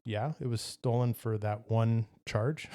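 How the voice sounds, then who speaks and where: A man's voice: medium pitch, a little slow, mellow. A man co-hosting a podcast, chatting casually in a wry, matter-of-fact way. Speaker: podcast co-host. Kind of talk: casual chat.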